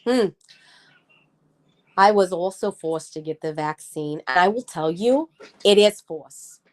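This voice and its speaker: A woman's voice: lowish voice, animated, slow. A woman in her thirties hosting a casual livestream, chatting with viewers and getting heated as she rants. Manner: chatty, gets heated and ranty. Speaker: livestream host. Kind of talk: casual live chat with viewers.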